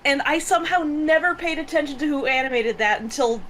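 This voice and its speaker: Higher-voiced woman chatting with a laugh. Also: brisk, a bit bright, a little hiss or hum, low-quality recording. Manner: laughing, swears casually. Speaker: podcast co-host. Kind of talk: casual podcast chat.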